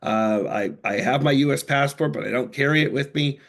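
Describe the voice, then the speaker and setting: A lawyer from the United States answering questions live, earnest and reassuring, halting often with fillers and restarts. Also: male voice, medium pitch, creaky, fairly bright tone. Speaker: immigration lawyer. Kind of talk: live Q&A explanation.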